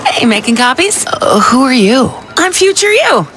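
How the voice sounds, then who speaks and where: A woman's voice: high-pitched, very animated, moderate pace, background noise. A woman acting in a commercial, delivering conversational dialogue in a chatty, everyday way. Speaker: actor in a commercial. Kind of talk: acted ad dialogue.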